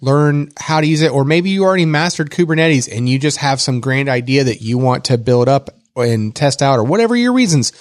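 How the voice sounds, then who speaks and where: A man co-hosting a casual tech podcast, joking around and reading a sponsor spot with animated energy. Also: mid-range voice, dry recording, clean studio sound. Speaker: podcast co-host.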